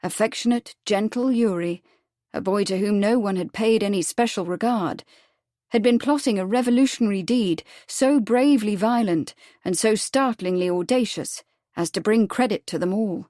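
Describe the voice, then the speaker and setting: A woman's voice: medium pitch, dark tone, no room sound, clean studio sound. Woman narrating a period mystery audiobook. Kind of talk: scripted narration.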